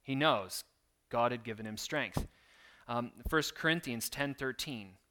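A man delivering a sermon with a bright, forceful tone. He reads scripture and then explains it in an earnest, conversational way, slipping in casual asides as he goes. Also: mid-range voice, a little slow. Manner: earnest, conversational preaching with fillers and scripture readings. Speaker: pastor.

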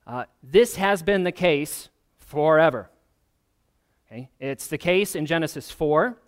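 A man's voice: fairly high pitch, expressive, unhurried, smooth. A man, a pastor, preaching a sermon in an earnest, emphatic way, often asking the listeners questions.

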